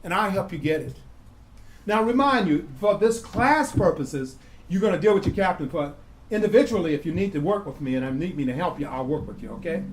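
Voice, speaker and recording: Leading a grant-writing class in a community classroom, this man fires call-and-response questions, asks "what?" and supplies the answer himself, and keeps repeating key words. His voice sits high with lively intonation and a slightly fast pace, captured on a low-quality recording.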